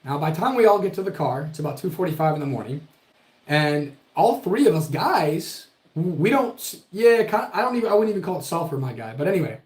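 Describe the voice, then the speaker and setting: A man's voice: fairly high pitch, fairly quick. A man casually telling a spooky story with lots of swearing. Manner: profane, animated storytelling. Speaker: podcast guest telling a ghost story. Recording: echoey room.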